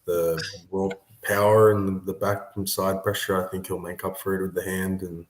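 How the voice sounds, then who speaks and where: A young man, an arm wrestler, chatting casually and laughing often between halting sentences. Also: low voice, level tone, slight background noise. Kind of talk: casual podcast chat. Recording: roomy echo.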